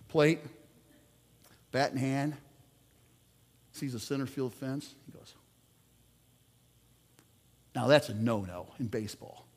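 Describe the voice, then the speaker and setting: A man preaching a sermon, telling sports stories with lively swings between loud outbursts and quiet asides. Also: a little high, husky, in a large hall.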